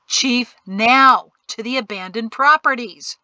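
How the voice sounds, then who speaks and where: A woman's voice: fairly high pitch, takes it slowly, sharp tone, no echo. A woman reading a stern, commanding colonel. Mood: urgent. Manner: urgent commanding orders. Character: stern male village colonel.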